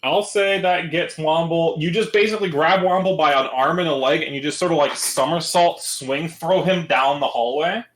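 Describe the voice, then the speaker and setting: A man running a tabletop game as game master, narrating in a relaxed, loose way with fillers. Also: on the high side, moderate pace, hardly any pauses, roomy sound, low-quality recording.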